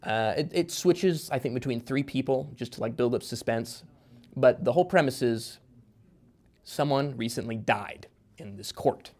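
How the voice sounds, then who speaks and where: Appearing as a guest author in a relaxed podcast conversation, a man with a typical mid-range, slightly mellow voice talks at normal speed. He rambles, restarts, and pads what he explains with fillers.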